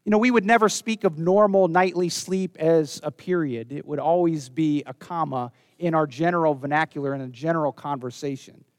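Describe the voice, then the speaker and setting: A man preaching a sermon, earnest, dropping low and soft when he quotes scripture. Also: a little fast, hardly any pauses, dry recording. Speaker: pastor.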